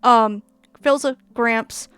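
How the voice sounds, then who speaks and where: A woman's voice: a little high, steady tone, slow pace, a bit bright, clean tone, dry recording. A young woman with a Minnesotan accent, chatting casually on a gaming stream, rambling and laughing with many fillers and casual swearing. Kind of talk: casual live-stream chat while gaming.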